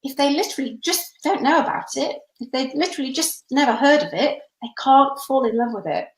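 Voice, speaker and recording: A woman's voice: high-pitched, brisk, roomy sound, low-quality recording. A woman giving a webinar workshop over a webcam, chatty and encouraging with frequent fillers. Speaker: workshop presenter. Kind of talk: webinar teaching talk.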